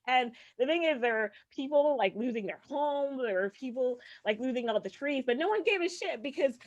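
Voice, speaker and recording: A woman's voice: a little high, expressive, fairly quick, few pauses, fairly bright tone. A woman doing a stand-up comedy set, talking in a sarcastic, conversational way and dotting her lines with "like" and "right?". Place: comedy show stage. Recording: dull, muffled sound.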